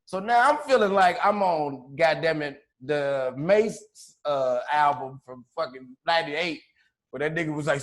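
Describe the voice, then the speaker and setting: A man casually telling a long story on a podcast, profane and animated, acting out the other people's voices as he goes. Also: on the high side, normal speed. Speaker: podcast co-host.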